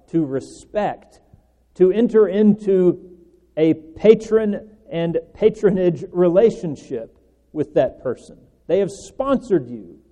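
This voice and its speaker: Guy preaching a sermon, kinda high voice but really dark and mellow, long church echo. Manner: earnest, rising and falling emphasis with soft trailing endings. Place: church hall.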